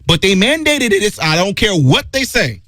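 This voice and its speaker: A middle-aged man hosting a talk radio show, delivering an emphatic opinion monologue that drops low and loud for stress. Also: big pitch swings, moderate pace, no room sound.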